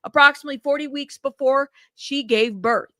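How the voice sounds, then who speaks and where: Her brisk, high-sitting voice has a fairly bright tone, captured with studio quality and no room sound. Running a livestream about a true crime news case, she talks straight to her viewers, swearing openly and sounding outspoken and indignant.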